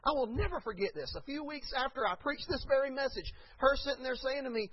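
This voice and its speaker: Animated high-voiced preacher, lo-fi. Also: male voice, fast, few pauses, husky. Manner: animated, swinging from hushed to shouting. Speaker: pastor. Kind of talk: sermon. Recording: dull lo-fi recording.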